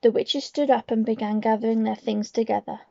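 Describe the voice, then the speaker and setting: A woman from Cornwall reading a children's book aloud with expressive storytelling. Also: fairly high pitch, brisk, vocal fry, no room sound, lo-fi sound. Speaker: reader.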